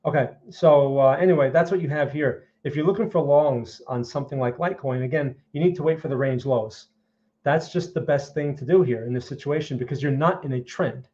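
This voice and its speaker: A man's voice: medium pitch, a little fast, a little mellow. A man with a New York accent hosting a live market stream, blunt and opinionated, talking straight to his viewers. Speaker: market analysis streamer host. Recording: dull lo-fi stream audio.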